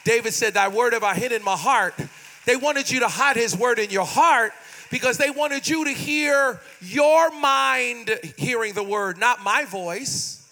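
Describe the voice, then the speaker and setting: A man preaches from a church pulpit in a very high, sharp and bright voice. He works the congregation in call and response, climbs to shouts and half-sung lines, then sinks into hushed, pleading prayers. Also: measured pace. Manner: acts out prayers in a softer, pleading voice. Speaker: pastor. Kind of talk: sermon. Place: church sanctuary.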